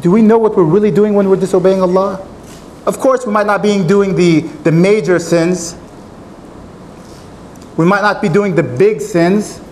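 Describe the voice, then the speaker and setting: Male preacher, high-pitched, earnest sermon delivery with faint background noise. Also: steady tone, normal speed, long pauses, a little mellow, rough recording. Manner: earnest, retelling a story with quoted dialogue. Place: mosque.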